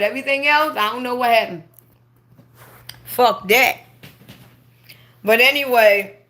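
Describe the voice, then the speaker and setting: Woman livestreamer, late-night storytime; bright, sharp tone, animated and heavily profane delivery. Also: fairly high pitch. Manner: profane, emphatic, animated ranting. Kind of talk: casual late-night storytelling on a live stream.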